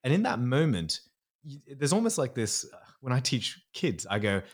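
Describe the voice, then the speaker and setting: A man's voice: medium pitch, sing-song, moderate pace. A man, a psychologist explaining things earnestly in a podcast interview. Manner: earnest, explanatory, slips into acting out inner voices. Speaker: psychologist guest.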